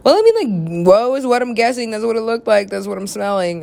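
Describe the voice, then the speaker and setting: Creaky-voiced young woman rambling with friends. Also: a little high, lively intonation, brisk, hardly any pauses, mellow. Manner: rambling, swears a lot, laughs often. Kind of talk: casual chat among friends.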